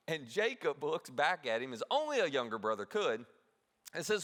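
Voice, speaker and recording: A man preaching a sermon as pastor, telling a story with animated delivery and asking the audience questions. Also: fairly high pitch, moderate pace. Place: large church hall. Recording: long reverb of a big hall.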